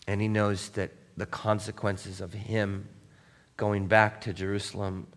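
A man pastor delivering a conversational sermon, dropping to a hush and then rising to emphatic points while asking his listeners direct questions. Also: fairly low pitch, big-room sound. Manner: conversational, swings between hushed and emphatic; asks the congregation direct questions.

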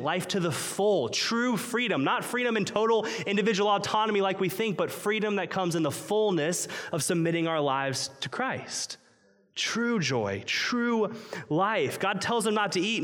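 A man's voice: a little high, fairly bright tone. Emphatic male pastor preaching in a reverberant hall. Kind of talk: sermon.

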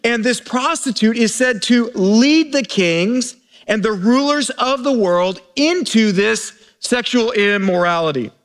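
A pastor preaching a conversational sermon to a congregation, informal, often restarting and repeating words. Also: male voice, extremely high pitch, lively intonation, a little slow, fairly bright tone. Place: church service before a live congregation.

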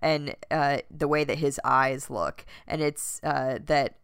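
A woman's voice: low-pitched, fairly even intonation, slow pace, clean tone, dry recording, studio quality. A woman co-hosting a casual book podcast, speaking thoughtfully with plenty of fillers. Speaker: podcast co-host. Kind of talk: casual book discussion chat.

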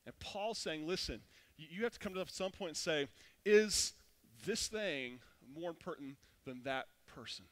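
A man in his thirties preaching a sermon, casual and animated, telling a personal story with frequent restarts. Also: fairly high pitch, moderate pace. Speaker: pastor.

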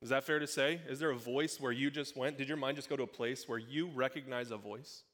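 A man's voice: medium pitch, fairly even intonation, brisk, fairly bright tone. A young adult man preaching a sermon, talking in a conversational, jokey way with asides to a live congregation in a church. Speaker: pastor.

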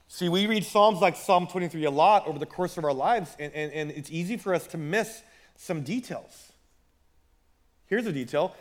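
Guy preaching a sermon, high-ish voice, casual and chatty, stumbles over repeats. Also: moderate pace. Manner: conversational, repeats words when building a point. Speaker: pastor.

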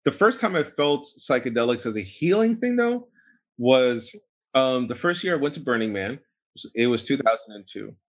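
A man, a podcast guest, telling a long personal story in a rambling, animated way, full of fillers and restarts. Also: mid-range voice, moderate pace. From United States. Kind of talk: casual storytelling interview.

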